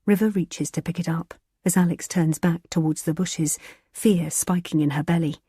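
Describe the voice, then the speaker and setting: A woman reading a thriller audiobook in a tense, measured narrating style. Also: on the low side, fairly even intonation, mellow, husky, no echo, studio quality.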